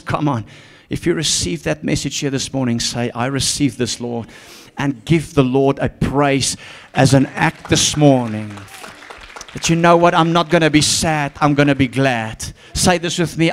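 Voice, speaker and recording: Male pastor, slightly high voice, fervent church sermon with hushed and shouted passages. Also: normal speed. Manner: fervent, swinging from hushed to shouted, repeating phrases. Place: church before a congregation.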